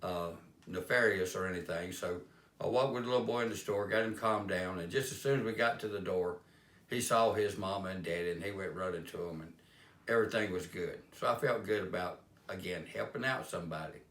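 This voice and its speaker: A man's voice: low voice, brisk, fairly bright tone. A man telling homespun stories about kindness in a plain-spoken, rambling way. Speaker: life-lessons speaker. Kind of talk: folksy storytelling monologue. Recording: roomy echo.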